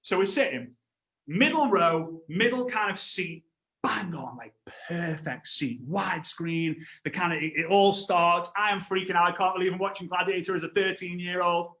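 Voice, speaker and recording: An energetic man in his thirties runs a live training, bouncing between stories and voices. His voice sits high for a man. The room around him rings with echo. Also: moderate pace. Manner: animated storytelling, acts out voices. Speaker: network marketing trainer.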